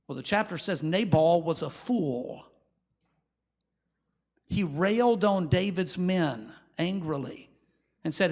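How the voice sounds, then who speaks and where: Man preaching, pastor, high gravelly voice, slow deliberate delivery, animated storytelling. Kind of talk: sermon.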